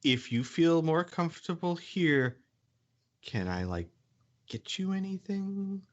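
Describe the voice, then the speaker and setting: Brief: gentle, halting adventurer, voiced by a player, slow delivery. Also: mid-range voice, animated, lo-fi sound. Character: awkward, earnest male adventurer.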